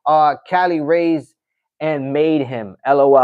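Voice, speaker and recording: A man's voice: on the high side, measured pace, a little mellow, dry recording, poor audio. A man, hosting a live stream and chatting casually with viewers in a laid-back, slangy way. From New York City. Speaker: livestream host. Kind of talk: casual live-stream chat reading comments.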